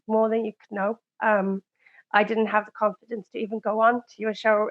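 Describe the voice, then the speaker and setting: A woman guest close to tears, speaking haltingly with many ums. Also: mid-range voice, little pitch movement, narrow, tinny audio.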